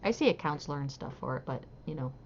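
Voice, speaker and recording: A woman's voice: sits low, fast, creaky. A tired young woman chatting casually on a live stream while she crochets, rambling and hesitant with many fillers. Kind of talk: casual chat while crafting. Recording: dull lo-fi stream audio with faint hiss.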